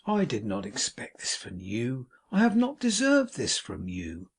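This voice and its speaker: A man voicing a falsely pious older gentleman in an audiobook reading, speaking with sweet self-righteous reproach in a husky voice. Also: on the high side, big pitch swings, a little slow, full character voice. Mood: mild reproach.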